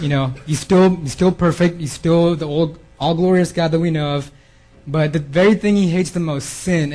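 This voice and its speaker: A man's voice: fairly high pitch, darkish tone, poor audio. A man preaching a sermon in an earnest way, often repeating words and restarting his phrases. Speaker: preacher giving a theme talk.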